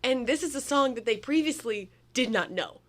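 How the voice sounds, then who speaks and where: A woman's voice: fairly high pitch, animated, moderate pace. A woman co-hosting a casual movie-review podcast, with dry, sarcastic humor. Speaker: podcast co-host.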